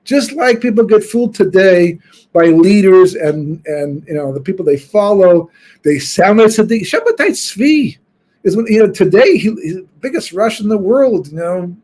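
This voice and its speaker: A man's voice: high-pitched, lively intonation, normal speed, a little mellow. A rabbi giving a weekly Torah class, talking informally and thinking aloud as he teaches. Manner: informal storytelling, thinking aloud with frequent restarts. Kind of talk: conversational Torah lecture.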